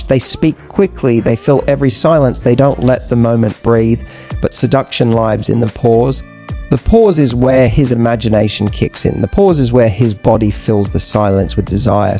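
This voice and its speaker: Man narrating dating advice, measured and smooth. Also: medium pitch, a little mellow. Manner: smooth, measured, persuasive delivery with emphatic repetition. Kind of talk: scripted narration.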